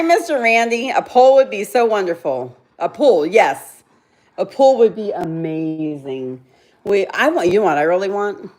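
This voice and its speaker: A woman's voice: fairly low pitch, darkish tone. A middle-aged woman, chatting casually with viewers on a livestream and laughing often at herself. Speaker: livestream host.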